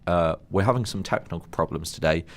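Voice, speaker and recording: A man's voice: sits low, fast. A young man co-hosting a podcast, joking and sorting out the running order in casual chat. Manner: joking, organizing. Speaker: podcast co-host. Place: small room.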